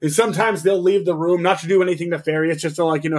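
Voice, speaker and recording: Racing along in a fairly high pitch, a young man co-hosting a podcast spins an animated, profanity-filled story. He keeps the chat casual while voicing what others said.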